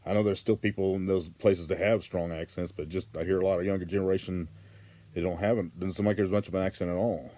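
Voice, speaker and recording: A man's voice: sits low, fairly even intonation, fast talker, warm tone. A man from Arkansas with a Western Arkansas Southern accent, talking earnestly to camera in a rambling, casual vlog. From Arkansas, USA. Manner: rambling, earnest, frequent fillers and restarts. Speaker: vlogger.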